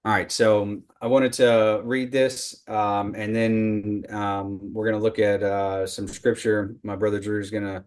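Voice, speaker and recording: A man with a lowish voice teaches scripture in a live online study group. He talks in halting bursts, repeating words as he gathers his thoughts. When he reads the ancient text aloud, he leans on key words with emphasis. The sound comes through a video call. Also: level tone. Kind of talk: live online Bible study lesson with slides.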